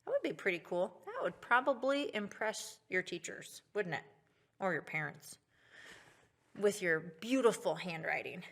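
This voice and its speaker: A woman's voice: mid-range voice, sing-song, vocal fry. A woman teaching a children's music lesson in a patient, sing-song, encouraging manner. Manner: patient, slow, sing-song, bright and encouraging toward kids.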